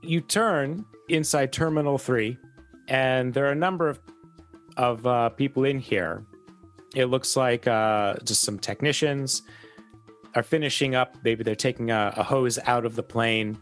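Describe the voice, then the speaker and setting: A man's voice: medium pitch, soft background music. A man running a tabletop game as game master, describing scenes with frequent hesitations. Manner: descriptive, halting with fillers.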